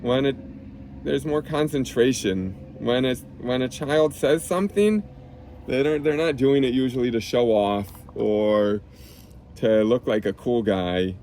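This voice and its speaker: A man reading a children's book aloud outdoors on a clip-on mic, gently explaining each term simply for kids. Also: mid-range voice, a little slow, a little hiss or hum. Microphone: clip-on lapel mic.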